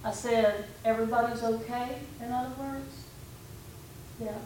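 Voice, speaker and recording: A woman's voice: fairly high pitch, steady tone, a little slow, a little mellow. Woman preaching in an echoey hall. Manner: conversational storytelling preaching, quoting her own talks. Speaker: pastor. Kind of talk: sermon. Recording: echoey room from far off, faint background noise.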